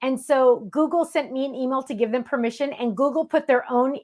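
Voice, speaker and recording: A woman's voice: sits high, brisk, darkish tone. A middle-aged woman hosting a craft show, chatting casually in a bubbly, gushing way. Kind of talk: casual livestream chat.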